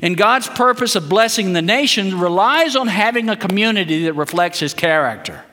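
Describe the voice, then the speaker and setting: A man's voice: sits high, animated, normal speed, pushed and bright, big-room sound. A man preaching a sermon as a guest preacher, leading the congregation in call-and-response statements.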